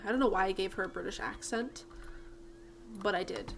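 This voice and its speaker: A woman's voice: mid-range voice, fairly quick, a little hiss or hum. A woman hosting a game playthrough, chatting casually in a bubbly, giggly way. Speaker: gaming channel host. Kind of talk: casual gameplay commentary.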